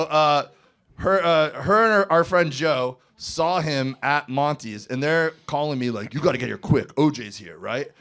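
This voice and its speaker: A male comedian co-hosting a live podcast, tossing in laughing, swearing asides and quick stories. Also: on the high side, a bit bright. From Miami. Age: young adult or older. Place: comedy club stage before a live audience.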